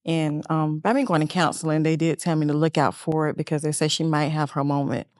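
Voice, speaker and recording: A woman's voice: low voice, fairly even intonation, a little fast, darkish tone, no echo, clean studio sound. A middle-aged woman, a mother telling of her family in an earnest, reflective, heartfelt way as an interview guest. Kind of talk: emotional personal interview.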